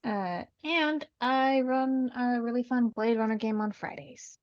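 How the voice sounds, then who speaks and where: A woman player speaks slowly and evenly through a dull, lo-fi mic. The sound is dry, with no room around it. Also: fairly high pitch, dry recording. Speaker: player and streamer. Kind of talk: casual tabletop play.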